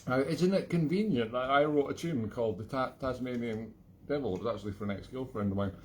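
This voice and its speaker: A Scottish man, an accordion player hosting a live online gig from his flat, chatting between tunes in a rambling, self-mocking, jokey way. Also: medium pitch, fast, slight background noise. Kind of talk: casual chat between tunes.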